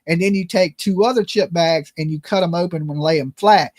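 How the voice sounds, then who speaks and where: Male stream host, high voice, loose profane joker, dry close sound. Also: brisk, a little mellow, no room sound. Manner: loose, rambling and profane, jokey phone-prank banter. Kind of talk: casual joking livestream chat.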